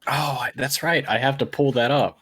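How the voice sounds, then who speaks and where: A man at a tabletop game, playful and giggly, with a middle-pitched voice. His words stretch out lazily, and a faint hiss sits behind his voice. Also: steady tone, moderate pace, bright, forceful tone. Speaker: player. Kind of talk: tabletop role-play chat.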